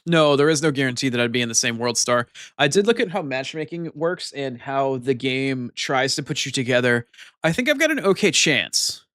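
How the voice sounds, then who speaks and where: A man streaming and chatting casually with his viewers in an excitable way, swearing freely. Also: medium pitch, normal speed, no room sound, studio quality.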